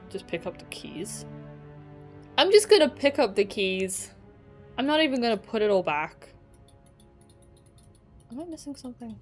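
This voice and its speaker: Woman streamer, chatty and reactive, quick laughs, mid-range voice, faint music underneath. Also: mid-range voice. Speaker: gaming streamer. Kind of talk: casual let's play commentary.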